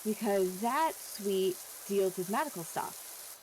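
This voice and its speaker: A young American woman tells a story in casual chat while streaming, animatedly acting out the voices of the people she quotes. She speaks slowly at a medium pitch, and the low-quality recording carries a little hiss or hum.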